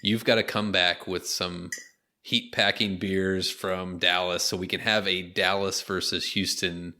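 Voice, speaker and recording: A man's voice: low-pitched, little pitch movement, measured pace, sharp tone. A man co-hosting a beer podcast in casual chat, joking, swearing and laughing often. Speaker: podcast co-host.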